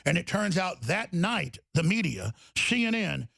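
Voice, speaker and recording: A man's voice: high voice, big pitch swings, unhurried, vocal fry, sharp tone, no echo. A man hosting a talk show, delivering heated, emphatic political commentary and repeating words as he gets riled up.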